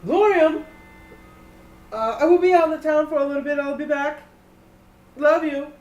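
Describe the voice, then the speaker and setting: A man's voice: sits high, unhurried, reverberant, lo-fi sound. A man doing Finn, a fond old innkeeper. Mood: cheerful. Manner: hesitant with many fillers, bursts into loud cheer.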